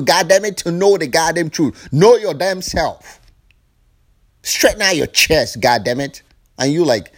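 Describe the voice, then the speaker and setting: A man's voice: fairly high pitch, big pitch swings, normal speed. Fervent, profane spiritual talker man. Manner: fervent, profane, preachy, acts out voices. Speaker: spiritual speaker. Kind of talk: impassioned spiritual monologue.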